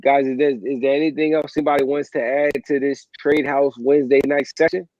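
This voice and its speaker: A man's voice: medium pitch, level tone, fairly quick, a little mellow, muffled recording. A man hosting a livestream trading session, laid-back, addressing viewers directly and wrapping up. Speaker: livestream host.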